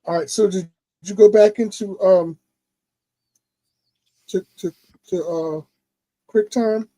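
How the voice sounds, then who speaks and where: A man's voice: high voice, slow pace, warm tone, no echo. A man instructing a class in casual chat, talking others through technical steps and repeating himself.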